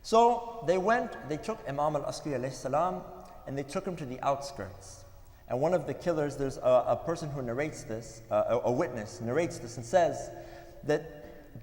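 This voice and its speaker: A man giving a sermon at a religious gathering, telling stories in an earnest way with pauses. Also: medium pitch, expressive, darkish tone. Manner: earnest, storytelling with pauses, some restarts. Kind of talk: sermon storytelling. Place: mosque hall. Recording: echoey hall with long reverb.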